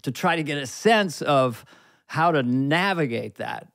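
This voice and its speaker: A man guest on a podcast, an animated storyteller who slips into voices during casual chat. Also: a little high, unhurried, gravelly, no echo. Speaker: guest comedian.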